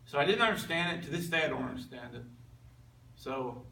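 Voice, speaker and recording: A man's voice: a little high, lively intonation, brisk, pushed and bright, recorded from a distance, slight background noise. A man in his fifties giving an earnest, conversational personal testimony to a men's group, with frequent restarts. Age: 50s. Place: meeting room with a group. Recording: roomy, off-mic with faint ambience.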